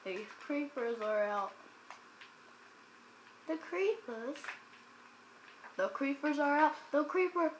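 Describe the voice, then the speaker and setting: A woman giving let's play commentary as a gaming channel host, chatting to viewers and bursting into loud exclamations. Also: sits high, animated, slow, long pauses, slight background noise. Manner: chats directly to viewers.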